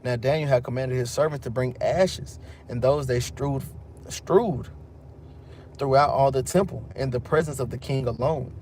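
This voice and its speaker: A religious group's teacher with a Texan accent reads scripture aloud, then retells the verses in loose street slang as casual commentary. His mid-range voice is darkish and moves at normal speed, with a little hiss or hum.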